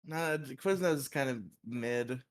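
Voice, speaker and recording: A man's voice: mid-range voice, slow. A man co-hosting a podcast in casual chat, jokey and laughing often. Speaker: podcast co-host. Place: podcast recording.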